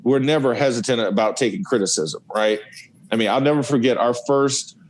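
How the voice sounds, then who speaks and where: A man's voice: mid-range voice, fairly quick, poor audio. A man in his forties, a former college offensive lineman, telling stories casually and acting out scenes as he laughs. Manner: animated, laughing, acts out scenes. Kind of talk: casual podcast storytelling.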